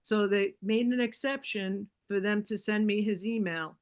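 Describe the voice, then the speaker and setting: A woman appears as a podcast guest, casually telling personal stories and animatedly acting out what people said, leaning on "like" and "right?". She speaks at medium pitch and a measured pace.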